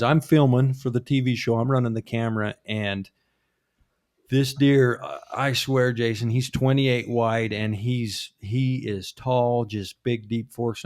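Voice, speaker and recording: A man's voice: medium pitch, darkish tone, no echo, studio quality. A man hosting a podcast, swapping hunting stories in casual chat, laughing as he goes. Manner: storytelling, laughs often. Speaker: podcast host.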